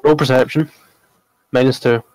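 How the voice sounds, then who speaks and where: A man in a relaxed, descriptive manner, narrating as game master of a tabletop game. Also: medium pitch, normal speed, no room sound, low-quality recording.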